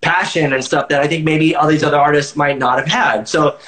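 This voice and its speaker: A man's voice: on the high side, steady tone, fairly quick, reverberant, noisy background. A man guest telling a casual story in an interview, rambling with lots of filler words and swearing freely. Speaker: musician guest. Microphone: livestream phone or video call.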